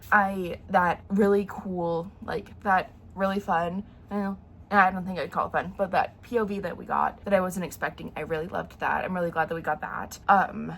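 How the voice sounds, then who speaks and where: A woman's voice: on the low side, creaky, a bit bright. Young female book vlogger, stuffy and nasal from a sore throat, rambling and emotional, faint hiss under the mic. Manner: chatty and emotional, full of fillers and restarts. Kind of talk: casual chat.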